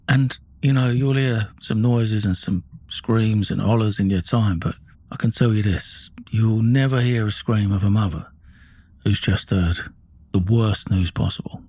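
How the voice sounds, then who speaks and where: A man's voice: lowish voice, steady tone, unhurried, mellow, no room sound. A middle-aged man telling a raw first-person true-crime story, blunt and intense, with heavy swearing.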